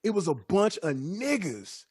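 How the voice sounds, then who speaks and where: Lively husky man, dry close mic. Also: high voice, unhurried. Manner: lively, profane, laughing often. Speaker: podcast co-host. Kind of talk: heated casual chat.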